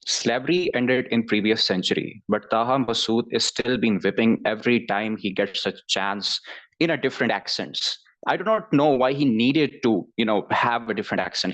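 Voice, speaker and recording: Halting man in a comic debate speech. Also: medium pitch, fairly bright tone. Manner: halting, full of restarts and "you know". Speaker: debater as deputy leader of opposition.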